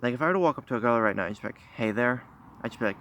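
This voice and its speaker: A teenage boy talking candidly to his phone camera outside, shy and halting, full of pauses and restarts. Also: medium pitch, expressive. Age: teens. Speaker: vlogger. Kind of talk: candid confessional vlog. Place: outdoors by a busy road. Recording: phone recording with loud traffic noise. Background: passing cars.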